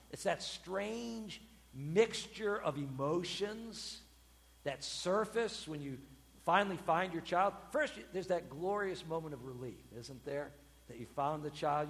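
A man, a pastor, preaching a sermon with expressive delivery, acting out quoted voices with sudden loud bursts. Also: on the high side, long reverb tail.

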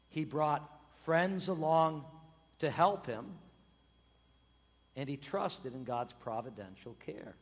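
A man preaching a sermon as pastor, telling the story with animated swings from loud exclamations to hushed, slow emphasis. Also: fairly high pitch, long reverb tail.

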